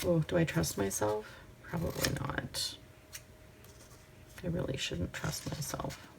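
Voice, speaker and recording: Chatty crafting woman, slow gravelly voice. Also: fairly low pitch, steady tone, background noise. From Pacific Northwest. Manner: chatty, talks to herself while working, drops to soft whispers. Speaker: crafting channel host. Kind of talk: casual crafting vlog chat.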